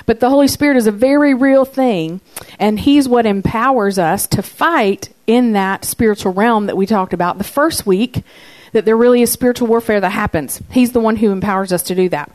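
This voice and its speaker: A woman's voice: on the high side, moderate pace, darkish tone. Conversational woman preaching a sermon. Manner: conversational, asks the congregation questions. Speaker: pastor.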